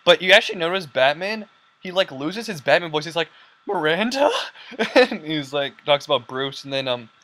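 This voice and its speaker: A young man hosting a casual podcast, rambling excitedly with lots of fillers and quoted lines. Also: fairly high pitch, a little fast. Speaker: podcast host. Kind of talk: casual chat.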